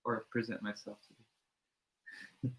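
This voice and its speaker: A man's voice: fairly low pitch, level tone, slow, rough recording. Laid-back man joking on a stream. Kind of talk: casual chat.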